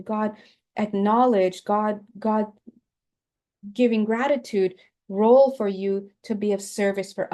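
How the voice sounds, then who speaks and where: A woman's voice: on the high side, mellow. A woman giving a casual spiritual tarot reading, chatty, laughing often and stretching out words for emphasis. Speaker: tarot reader.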